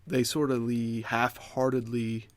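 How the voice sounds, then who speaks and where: A man's voice: mid-range voice, fairly even intonation, takes it slowly, no echo. Young guy venting on a gaming podcast, earnest, pokes fun at himself, dry mic. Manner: earnest, self-deprecating, ranting. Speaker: podcast co-host. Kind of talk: casual podcast chat.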